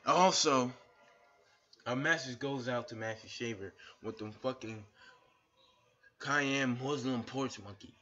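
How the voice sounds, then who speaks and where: Man, angry profane rant, repeats insults, mid pitch, muffled lo-fi webcam sound. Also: slow, long pauses, fairly bright tone. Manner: shirtless on camera. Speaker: YouTuber. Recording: dull lo-fi webcam audio.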